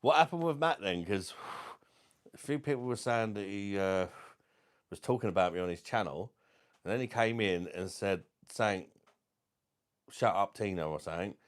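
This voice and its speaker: A man's voice: on the low side, lively intonation, normal speed. A man hosting a casual livestream beer review, chatty and jokey as he greets viewers by name.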